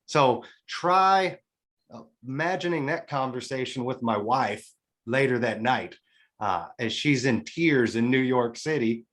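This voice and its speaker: A man's voice: mid-range voice, measured pace, a bit bright. Man candidly telling a personal story. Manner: candid, rambling with restarts and self-corrections; earnest and emotionally open. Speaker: podcast guest.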